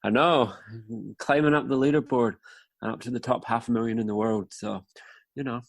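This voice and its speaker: A man co-hosting a casual football podcast, relaxed and chatty. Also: medium pitch, normal speed, gravelly, no echo. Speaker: podcast co-host.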